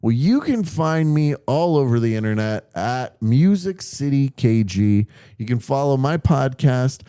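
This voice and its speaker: A man guesting on a podcast, with a mellow, darker tone at a middle pitch. The sound is dry and close. He talks in an easygoing, joking way. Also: expressive, a little slow, clear, resonant tone, no room sound. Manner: laid-back, joking, with fillers. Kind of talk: casual podcast chat.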